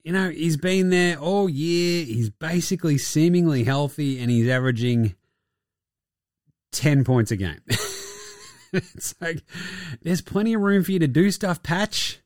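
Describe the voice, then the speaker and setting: Swearing sarcastic podcast host. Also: male voice, on the high side, animated, unhurried, long pauses, darkish tone, dry recording, studio quality. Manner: crude, sarcastic, swears and laughs often. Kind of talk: casual basketball chat.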